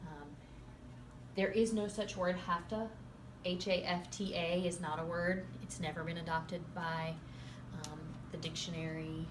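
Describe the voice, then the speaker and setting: Lively woman lecturing in an echoey classroom. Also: lowish voice, measured pace, background noise. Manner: lively, emphatic, playful asides to students. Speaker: speech teacher. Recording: echoey classroom from far off, faint ambience.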